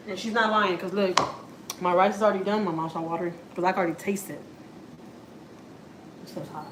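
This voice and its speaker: A woman's voice: on the low side, fairly even intonation, brisk, long pauses, noisy background. A woman, chatting casually to viewers while cooking in her home kitchen. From Houston, Texas. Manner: chatty, talks straight to viewers, lots of "like" and "y'all". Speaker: family vlogger.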